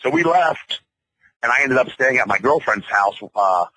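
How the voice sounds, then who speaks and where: A man's voice: medium pitch, animated, normal speed, bright, forceful tone, slight background noise, low-quality recording. A man guesting on a radio interview, telling a long personal story in a rambling, profane way and quoting others in his own voice. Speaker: band member guest.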